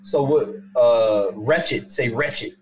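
A man's voice: mid-range voice, takes it slowly, a little hiss or hum, poor audio. A man hosting a casual chat, teasing and quizzing a guest in a playful way. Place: in Texas.

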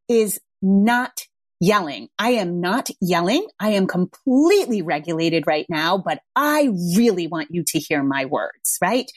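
A woman's voice: medium pitch, no echo. A woman parenting coach hosting a podcast in a casual monologue, speaking frankly and emphatically and swearing freely. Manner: acts out parents' voices when quoting them.

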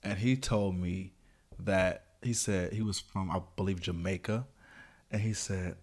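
A man's voice: low voice, steady tone, a little slow, a little mellow. A man co-hosting a podcast, talking in a laid-back, affirming way. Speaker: podcast co-host. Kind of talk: casual conversation.

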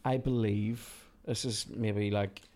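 A man's voice: lowish voice, fairly even intonation, slow pace, darkish tone. A Northern Irish man in his thirties hosting a podcast, chatting casually and swearing often as he plays a football game. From Northern Ireland. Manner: swears often, muttering when frustrated. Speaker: podcast host. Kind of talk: casual chat while gaming.

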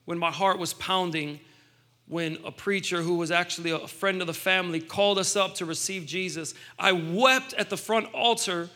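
High, bright-voiced man preaching conversationally. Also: moderate pace. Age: 30s. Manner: conversational, emphatic, with restarts and asides. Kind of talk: sermon with personal testimony.

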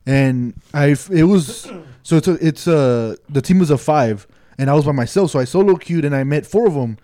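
A man's voice: a little high, animated, moderate pace, mellow, no echo. Young man in a dry, close podcast chat. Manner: laid-back, profane, loose. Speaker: podcast co-host. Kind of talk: casual chat.

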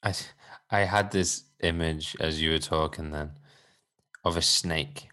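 A man's voice: extremely low pitch, steady tone, measured pace, bright, forceful tone. A man co-hosting a faith podcast, talking in a reflective, preachy way with many restarts. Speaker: podcast co-host.

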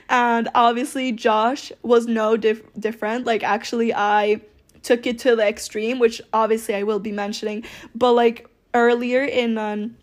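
A young woman telling a story to her viewers in a casual, rambling way, full of filler words and very candid. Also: on the high side. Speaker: storytime vlogger.

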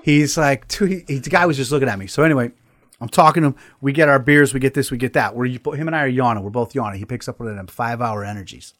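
A man's voice: mid-range voice, fast, a bit bright. A man hosting a casual talk show, telling a long, profane story and laughing as he goes. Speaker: podcast host.

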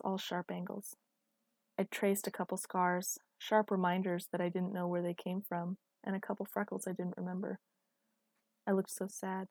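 Low-voiced woman reading a novel. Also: a little mellow, no echo. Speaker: audiobook narrator. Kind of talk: first-person fiction narration.

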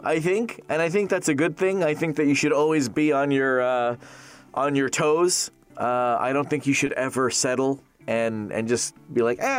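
A voice actor in his thirties chats casually in an interview, animated and jokey, laughing often. His voice is on the high side.

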